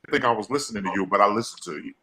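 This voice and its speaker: Man, podcast host, bright ringing voice, preachy, repeats himself. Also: fairly low pitch, very fast, slight background noise, rough recording. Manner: preachy, repeats phrases, folksy slang. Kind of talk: emotional motivational talk.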